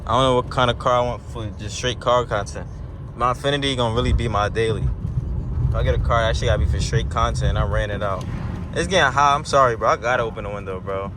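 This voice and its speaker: A man's voice: mid-range voice, quick pace. Slangy young man vlogging from a car. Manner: slangy, talks straight to viewers, gets loud and excited when accelerating. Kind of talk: casual POV driving commentary. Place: inside a moving car. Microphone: camera mounted in car. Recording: faint road noise in car.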